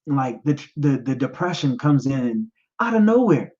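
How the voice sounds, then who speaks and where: A man in his thirties, a podcast host telling his own story in a personal testimony, emotional and halting, repeating himself and fighting back tears. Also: mid-range voice, sing-song, a little mellow, lo-fi sound. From United States. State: choked up, near tears. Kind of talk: personal testimony, live stream talk.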